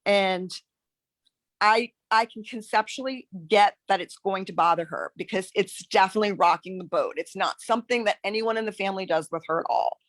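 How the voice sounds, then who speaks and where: A woman on a live coaching call, talking in an earnest, searching way with many halting restarts. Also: mid-range voice, fairly bright tone, dry recording. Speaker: coaching client.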